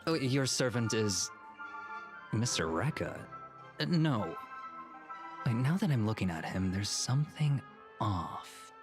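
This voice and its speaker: An actor playing a smug, dismissive executive who teases offhandedly. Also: male voice, lowish voice, very animated, slow, pauses often, over music. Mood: puzzled. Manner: teasing, offhand, condescending. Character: smug, aloof male executive, coolly dismissive. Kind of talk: game voice acting.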